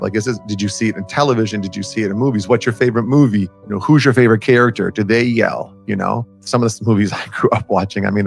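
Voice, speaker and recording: A middle-aged man speaks earnestly to camera, sharing his own story and throwing direct questions at the viewer. His voice sits low and turns gravelly, and his talk rambles a little. Soft music plays faintly underneath. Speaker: self-help speaker. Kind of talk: personal story and advice to camera.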